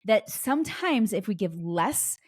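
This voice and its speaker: A woman's voice: mid-range voice, very animated, a little slow, slightly rough, no room sound. A woman hosting a podcast, chatting casually through a story with frequent restarts and fillers. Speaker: podcast host.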